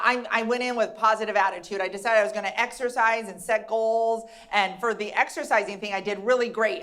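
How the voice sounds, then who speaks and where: A woman's voice: medium pitch, fairly bright tone. A woman doing a stand-up comedy routine, chatty and teasing the crowd with questions.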